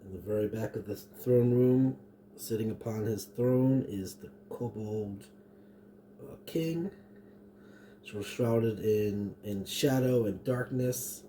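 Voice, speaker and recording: Casting: low, very dark male game master, slow and halting, faint hum behind. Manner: halting, filler-heavy description. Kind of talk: narrating a tabletop game.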